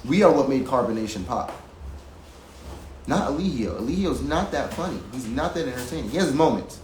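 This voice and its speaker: A man's voice: mid-range voice, animated, fairly quick, a little mellow. A man in a rambling, profane rant at his home music setup, talking emphatically and repeating himself while reacting to a video. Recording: roomy with faint background hiss.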